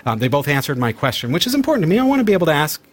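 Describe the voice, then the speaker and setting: A man's voice: fairly high pitch, big pitch swings, very fast. Chatty upbeat male host. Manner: chatty, upbeat, restarts sentences often. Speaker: host demonstrating smart speakers. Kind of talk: casual studio chat.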